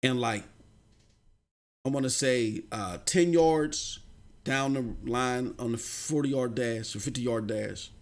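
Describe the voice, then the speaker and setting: A man hosts a gaming news live stream, ranting casually in slang and taking it slowly. His delivery swings from low muttering to outright shouting.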